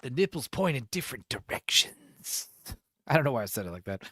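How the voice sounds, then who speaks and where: A man's voice: mid-range voice, sing-song, fairly quick, a bit bright, dry recording, clean studio sound. A man co-hosting a podcast in casual chat, rambling and cursing as he acts out quotes in different voices. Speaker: podcast co-host.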